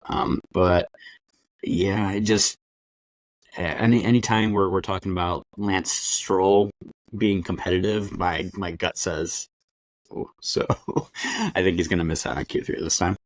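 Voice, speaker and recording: A man co-hosting a podcast in casual chat, talking in a measured, hesitant way with frequent uhs. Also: low voice, steady tone, no room sound. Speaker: podcast co-host.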